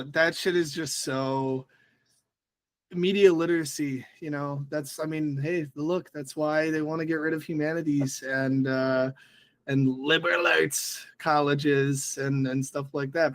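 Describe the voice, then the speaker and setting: A young man co-hosting a political podcast in casual chat, chatty and slangy and quick to laugh. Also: a little high, steady tone, no room sound. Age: young adult. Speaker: podcast co-host.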